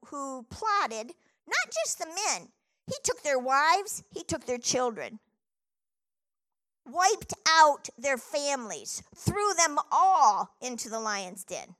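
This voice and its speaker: A middle-aged woman delivering a sermon with a high, bright voice. She retells a scripture story with lively energy and reads the old verses aloud between her own remarks. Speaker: preacher.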